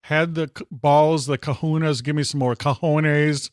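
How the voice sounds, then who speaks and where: A man's voice: fairly high pitch, steady tone, normal speed, dry recording, studio quality. A man co-hosting a podcast, joking through a food review with playful hyperbole and frequent interjections. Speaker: podcast co-host. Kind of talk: casual food review chat.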